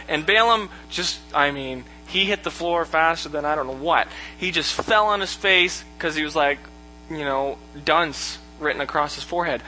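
Acting out the characters' lines, a man jokingly and animatedly retells a Bible story in a casual lesson. His voice sits on the high side, and the audio is poor.

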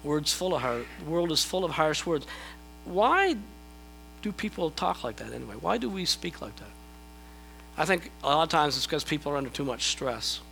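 A man's voice: on the high side, very animated, normal speed, gravelly, fairly bright tone, slight background noise, rough recording. A middle-aged man preaching a sermon in a conversational, self-deprecating way, often repeating his words as he starts a thought. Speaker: pastor.

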